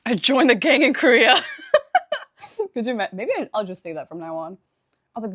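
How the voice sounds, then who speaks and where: A woman's voice: fairly high pitch, very animated, moderate pace, long pauses, fairly bright tone. A young woman live streaming, chatting casually with her viewers, laughing often and thanking them for subscriptions.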